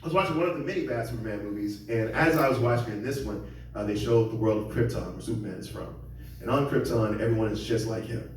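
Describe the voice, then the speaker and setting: A man's voice: fairly low pitch, fast talker, slight background noise. A man doing a rambling, self-deprecating stand-up set on a comedy club stage, slipping into voices for the people he quotes. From Seattle area. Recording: very echoey room, mic at a distance.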